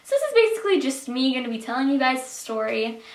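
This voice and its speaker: A teenage girl telling a storytime vlog in an excitable, chatty way with lots of fillers. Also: high voice, quick pace. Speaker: vlogger. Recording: echoey room.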